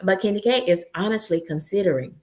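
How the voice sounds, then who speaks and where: A woman's voice: mid-range voice, fast talker, darkish tone. A woman in her late forties hosting a casual livestream, upbeat and preachy, calling her viewers y'all and friends. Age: 40s. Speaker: YouTube channel host.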